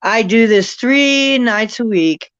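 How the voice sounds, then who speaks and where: A woman's voice: on the high side, slow, fairly bright tone, no room sound. A woman hosting a casual livestream chat, talking in an effusive, rambling way about spiritual topics. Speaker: host. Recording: muffled lo-fi audio.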